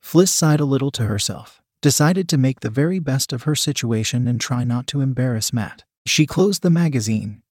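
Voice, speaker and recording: Husky-voiced male audiobook narrator. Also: medium pitch, animated, moderate pace, hardly any pauses, darkish tone, no echo, clean studio sound.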